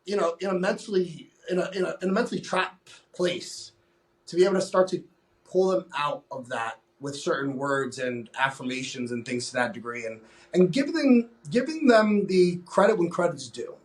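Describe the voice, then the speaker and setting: Blunt, high-voiced male fitness coach. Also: lively intonation, normal speed. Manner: blunt, emphatic, swears freely; acts out exchanges with clients in quoted voices. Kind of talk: casual podcast conversation.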